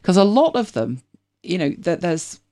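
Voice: medium pitch, big pitch swings, normal speed, dark tone. A host with a British accent, chatting casually and rambling with many restarts. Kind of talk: casual chat.

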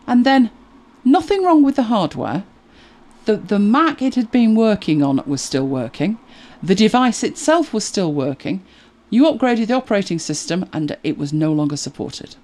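A middle-aged woman chatting to camera as a video creator, animated and exasperated, laughing at herself. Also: mid-range voice, moderate pace. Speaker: YouTube creator. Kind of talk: casual chat to camera.

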